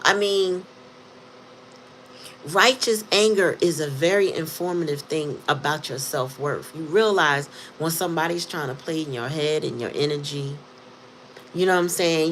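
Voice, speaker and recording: Blunt, profane woman with a low voice. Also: a little hiss or hum. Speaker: tarot reader. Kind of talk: casual monologue to viewers.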